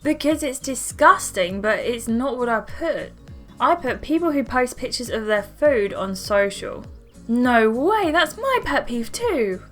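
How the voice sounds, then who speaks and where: A woman's voice: a little high, lively intonation, unhurried. A young woman hosting a gaming video, reading a story game's lines aloud in a playful way and adding her own comments. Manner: playful, reads each character's lines in turn. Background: faint game music.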